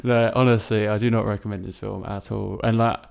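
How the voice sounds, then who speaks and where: A man's voice: lowish voice, fairly quick, vocal fry, clean tone. A young man co-hosting a podcast, reviewing a film in casual chat, blunt and swearing freely as he rants. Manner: blunt, swears freely, animated when ranting. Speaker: podcast co-host.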